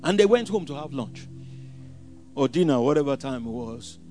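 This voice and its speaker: A man preaching a sermon, swinging from hushed asides to shouted scripture quotes. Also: medium pitch, expressive, normal speed, soft background music.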